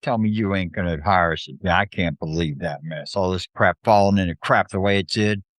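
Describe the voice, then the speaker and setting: A man playing in a tabletop game, drawling and rough-spoken while talking in character. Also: sits low, brisk, no room sound. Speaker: player.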